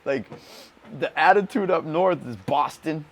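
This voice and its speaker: A man's voice: fairly high pitch, measured pace, a crowd in the background. A man hosting a podcast, chatting casually in a loose, profane, slangy way. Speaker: podcast host. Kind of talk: casual chat.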